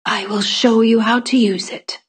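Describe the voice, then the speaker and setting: A woman's voice: fairly high pitch, fairly even intonation, unhurried, slightly rough. A woman reading as a stern, commanding tanner woman. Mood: hushed. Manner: cold, commanding, threatening. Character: stern demanding female tanner and teacher.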